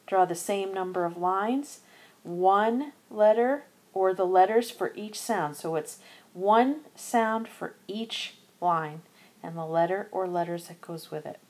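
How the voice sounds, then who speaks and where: In this instructional screencast, a woman teacher educator carefully sounds out each letter and syllable in turn. She speaks with a medium-pitched, darkish voice.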